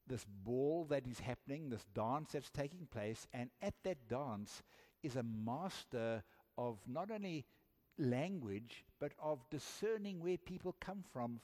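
A man's voice: medium pitch, a little mellow. A man preaching a sermon to a congregation, telling a story in a conversational way and often repeating words as he searches for them. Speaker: pastor. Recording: echoey hall reverb.

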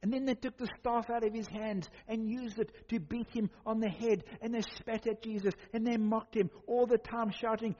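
Male preacher, dark mellow tone, slow dramatic emphasis, long hall reverb. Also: high voice, steady tone. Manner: dramatic, slow emphatic pauses, shouting mock quotes. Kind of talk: sermon. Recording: muffled sound in a reverberant hall.

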